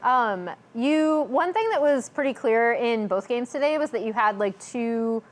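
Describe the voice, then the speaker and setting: A woman co-hosting an esports analyst desk, asking a player questions in quick, chatty speech. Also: fairly high pitch, expressive. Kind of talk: post-match desk interview.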